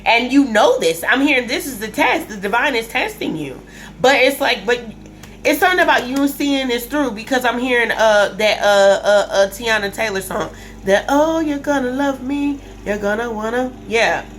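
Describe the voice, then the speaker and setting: Speaking at a normal pace with lively intonation, a woman whose voice is on the high side and a bit bright reads tarot casually for the camera. She thinks aloud, emphatically repeating and restating what she's said.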